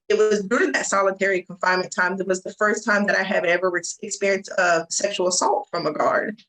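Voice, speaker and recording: A woman's voice: mid-range voice, rough recording. A woman from the USA, a podcast guest telling her own story candidly and earnestly in an interview. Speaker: guest, advocate. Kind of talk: interview recounting personal experience.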